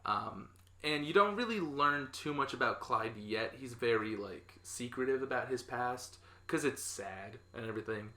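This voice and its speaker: A young man with a bright, forward voice retells a comic book plot to his co-host, rambling and chatty. He drops into quick impressions of characters. The room around him is echoey. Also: mid-range voice, animated. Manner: rambling storyteller, acts out quotes, laughs often. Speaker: podcast co-host recapping a comic. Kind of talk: casual chat.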